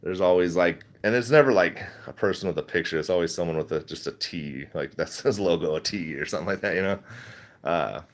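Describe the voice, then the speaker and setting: Man, middle-aged, lowish voice, casual livestream talk, rambling, laughs a lot. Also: fairly quick. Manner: rambling, laughs often, many restarts. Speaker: livestream host reading chat.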